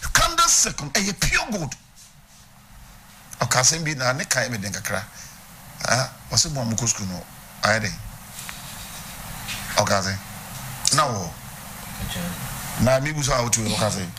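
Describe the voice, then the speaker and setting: Lively, bright-voiced Ghanaian preacher man. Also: mid-range voice, a little hiss or hum. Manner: teaching, questioning the congregation. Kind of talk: sermon mixing Twi and English. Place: church.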